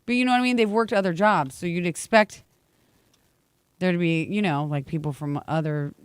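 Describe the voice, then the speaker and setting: A woman's voice: lowish voice, normal speed, clear, resonant tone, no echo. A woman co-hosting a morning radio show, chatty and teasing in casual banter.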